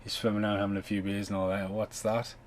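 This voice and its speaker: A man talks over a film in a relaxed commentary podcast, wandering from thought to thought and swearing freely. His voice sits low, with a faint hiss of background noise under it. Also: fast talker, poor audio. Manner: rambling, sweary, loose chatty delivery. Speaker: podcast host.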